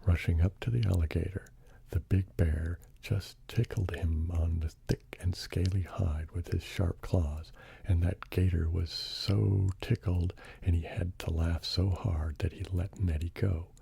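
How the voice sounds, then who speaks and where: A man reading a bedtime story in a soft-spoken ASMR style, hushed and partly whispered. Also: deep voice, fairly even intonation, a little slow, gravelly, slightly rough, no room sound.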